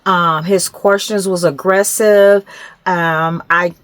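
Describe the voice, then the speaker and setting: Animated woman vlogger telling a story. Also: lowish voice, slow, dry recording. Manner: animated retelling, acts out other voices. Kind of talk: casual storytelling to camera.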